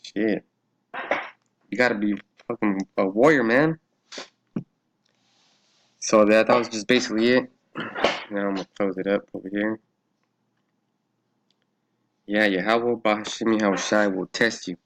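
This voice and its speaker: A man with a somewhat low voice hosts his own religious vlog. He talks through a Bible study in a loose, profane way, laughing often and thinking aloud as he reads. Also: steady tone, a little slow, pauses often, a little hiss or hum. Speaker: religious vlogger.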